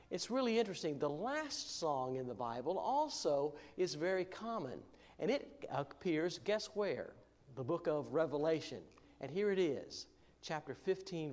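A man preaching a sermon in a relaxed, conversational way, often pausing with fillers and restarting his sentences. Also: a little high, big-room sound. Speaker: pastor.

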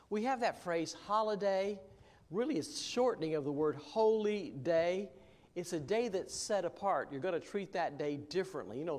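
Pastor, slightly high pitch, conversational sermon with fillers, reverberant hall. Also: male voice, a little mellow. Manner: conversational, with frequent fillers and restarts.

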